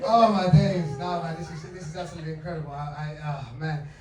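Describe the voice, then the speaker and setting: A man from England doing a live stand-up set, excitable and laughing often as he works the crowd. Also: a little high, rapid-fire. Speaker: stand-up comedian. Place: comedy club stage. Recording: roomy club recording from a distance, with loud crowd. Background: loud laughing audience.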